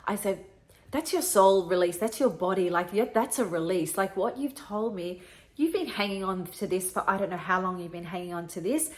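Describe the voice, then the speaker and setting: A woman's voice: mid-range voice, moderate pace. A middle-aged woman tells a personal story with emotion and earnestness. Her voice sits in a middle register, and she often circles back and repeats her words as she talks. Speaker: podcast host.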